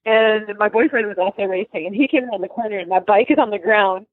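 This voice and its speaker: A young woman telling a story in a casual interview, animated and emotional, with many restarts and laughs. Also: medium pitch, fast, no echo. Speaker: guest. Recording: dry, tinny phone-like line.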